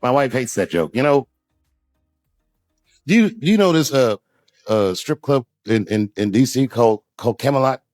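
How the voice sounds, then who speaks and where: A man's voice: mid-range voice, lively intonation, moderate pace, long pauses, darkish tone, no room sound, soft background music. A man in his fifties doing a stand-up routine, rambling through self-deprecating asides with frequent restarts. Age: 50s. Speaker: stand-up comedian.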